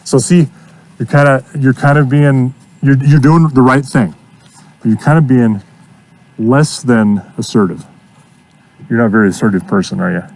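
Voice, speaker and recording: A man coaching a student through horse training outdoors, giving steady encouragement and repeating his praise. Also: medium pitch, moderate pace, long pauses. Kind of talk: hands-on coaching.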